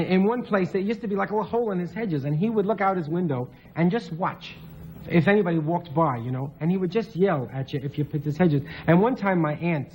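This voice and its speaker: A man telling family stories as a talk show guest, giggling and acting out relatives in loud voices. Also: high voice, slight background noise, low-quality recording. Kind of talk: anecdotal chat.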